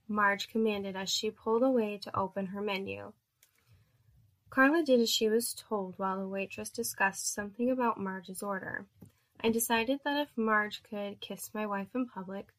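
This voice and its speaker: A woman narrating an erotic story in a steady, measured reading voice. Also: medium pitch.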